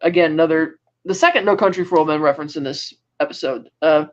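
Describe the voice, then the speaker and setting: A woman co-hosting a podcast, casually recapping a TV episode in detail with many fillers and quick asides. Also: low-pitched. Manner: retells scenes in detail, acting out characters' lines with filler words. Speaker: podcast co-host. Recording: dull lo-fi audio.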